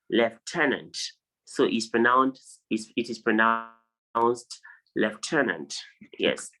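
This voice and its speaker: A man teaching an online phonology lesson on a video call, drilling each word slowly and insistently correcting pronunciation. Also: on the low side, a bit bright, rough recording. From Nigeria. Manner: drills words, repeating them slowly for students. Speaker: English tutor.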